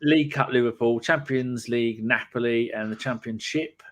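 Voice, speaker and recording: A man's voice: mid-range voice, moderate pace, background noise. A man in casual podcast banter, dry and chatty. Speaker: podcast co-host. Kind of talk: casual chat.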